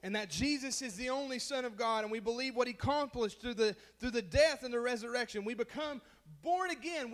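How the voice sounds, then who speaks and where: A man's voice: very high-pitched, fairly bright tone. A man preaching a sermon as pastor, impassioned, calling out to the congregation and repeating phrases for emphasis.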